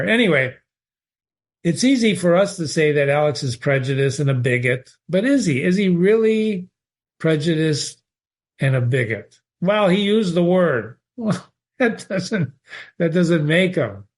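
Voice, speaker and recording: Chatty man explaining a short story. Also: a little high. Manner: conversational, digressive, with restarts and asides; reads passages from the story aloud. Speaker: literature teacher answering viewer emails. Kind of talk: casual spoken literary analysis.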